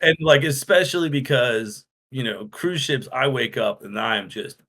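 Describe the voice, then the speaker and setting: A man's voice: medium pitch, normal speed, pushed and bright. A man co-hosting a casual podcast, a bubbly storyteller who acts out what others said. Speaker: podcast co-host.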